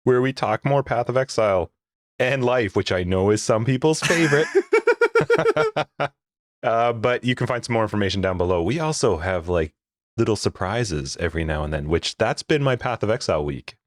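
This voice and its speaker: Joking lower-voiced male podcast co-host. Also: expressive, fairly quick, no room sound, studio quality. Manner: joking, laughs often. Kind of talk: casual podcast chat.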